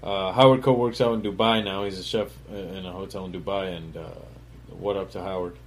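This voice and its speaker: Hosting his own talk show, a man rambles through his life story in a casual monologue full of fillers and swearing, mumbling through the asides and acting out other people's voices when quoting them. His low voice keeps a fairly even intonation at a brisk pace, with slight background noise.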